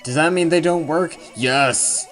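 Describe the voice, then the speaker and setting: With a medium-pitched, expressive voice at a measured pace, a let's play commentator chats over his video game. Faint game music sits in the background as he rambles casually, joking at his own expense and often going off on asides.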